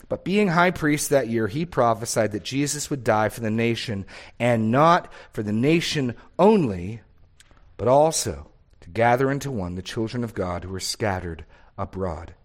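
A man's voice: medium pitch, normal speed. A man preaching a sermon, earnest and emphatic, reading scripture aloud with rising force. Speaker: pastor.

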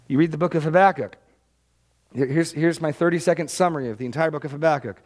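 Man, pastor, emphatic sermon delivery, slightly higher voice. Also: fast, a little mellow. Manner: emphatic, repeats phrases for stress.

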